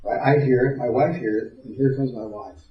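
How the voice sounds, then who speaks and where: Speaking at a medium pitch with fairly even intonation and a fairly quick pace, a man teaches a parenting seminar to a live audience. He tells stories, repeats words while thinking, and checks in with listeners in a conversational way. The sound is dull and roomy, picked up from far off.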